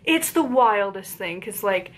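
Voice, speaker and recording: Speaking at a measured pace in an expressive, medium-pitched voice, she has an Appalachian accent from her US home region. Her channel book review is chatty and rambling, with frequent fillers and tangents.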